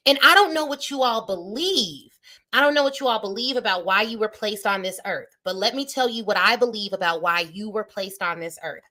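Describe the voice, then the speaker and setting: A woman's voice: medium pitch, sharp tone. A woman in her thirties hosting a live-stream motivational talk, speaking emphatically and straight to her viewers in a preacher-like way. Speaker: business coach and show host. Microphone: phone or webcam on a live stream.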